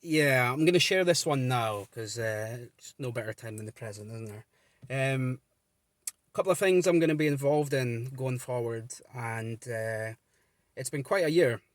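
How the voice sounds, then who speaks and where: A man's voice: medium pitch, normal speed, dry recording. Earnest, rambling man talking in a car. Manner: earnest, rambling, many ums and restarts. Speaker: vlogger running a gambling support page. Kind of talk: casual talk to camera. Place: inside a car.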